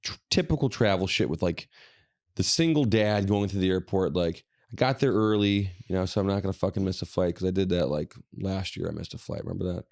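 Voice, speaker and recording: A man's voice: low voice, fairly quick, darkish tone. A man co-hosting a podcast, telling a rambling, profane story in casual chat. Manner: profane, rambling, quoting others. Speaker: podcast co-host.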